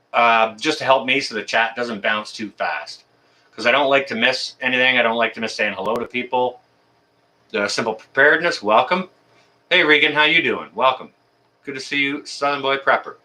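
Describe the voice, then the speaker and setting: A man's voice: mid-range voice, moderate pace, sharp tone. A man from Canada hosting a casual livestream, greeting viewers one by one in a friendly, chatty way with many ums and uhs. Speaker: livestream host.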